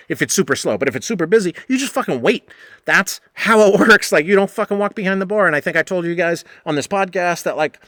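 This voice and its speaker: A man in his forties hosting a podcast, telling a story in a casual, profane, animated way and acting out the other people's voices. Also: fairly high pitch, a little fast, dry recording, studio quality. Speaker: podcast host.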